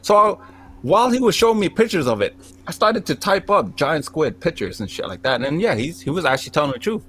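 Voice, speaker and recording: A young Cambodian man with a voice on the high side tells friends a long, comic story at a fairly quick clip, with slight background noise. He swears constantly and animatedly acts out every line he quotes.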